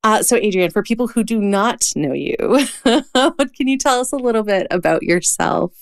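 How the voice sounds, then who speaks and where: A woman's voice: mid-range voice, animated, moderate pace, creaky, dry recording, studio quality. A woman hosting a podcast and interviewing a guest, openly emotional and gushing. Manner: emotional, gushing, laughs often. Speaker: podcast host and coach.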